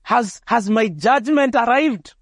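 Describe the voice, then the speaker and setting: A frightened demon cries out in a high, alarmed voice, pleading to know whether his end has come, as a man preaching reads his lines aloud. The sound is close and dry, with no room around it. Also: lively intonation, slow pace, dry recording, full character voice. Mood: fearful. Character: fearful male demon crying out.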